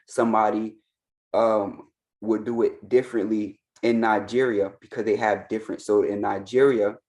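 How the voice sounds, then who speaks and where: A man's voice: on the low side, a little mellow. A man, an Ifa priest, giving insistent reaction commentary and hammering his points home by repeating them.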